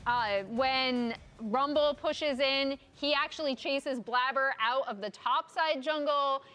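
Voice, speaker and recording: A woman breaking down replays at an esports analysis desk, quick and explanatory. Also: high-pitched, sharp tone, faint music behind.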